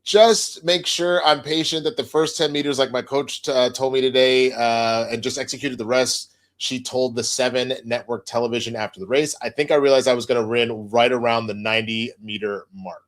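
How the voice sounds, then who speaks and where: A man's voice: mid-range voice, fairly even intonation, moderate pace, hardly any pauses. A man co-hosting a casual podcast, reading sports stories aloud and joking with his co-host. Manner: reads news aloud, joking banter.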